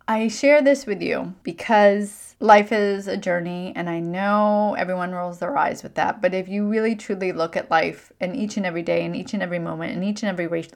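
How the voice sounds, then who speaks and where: Emphatic middle-aged woman podcast host. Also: medium pitch. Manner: emphatic, repetitive affirmations. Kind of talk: solo motivational podcast monologue.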